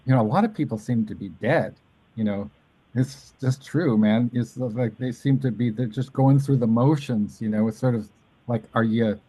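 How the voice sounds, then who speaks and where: Man, rambling casual storytelling host, mellow voice, dry close sound. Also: medium pitch, normal speed, no room sound, low-quality recording. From Southern California. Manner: rambling, animated, mimics others' voices in quotes. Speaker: podcast host.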